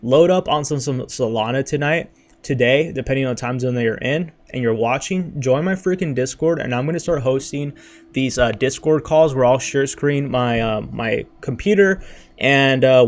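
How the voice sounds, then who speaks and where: Young guy streaming from his bedroom, super hyped on caffeine, kinda out of breath, rambles fast with lots of dude and bro, middle-pitched voice. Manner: hyped, rambling, says freaking and dude a lot. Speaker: crypto livestream host. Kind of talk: casual livestream chat.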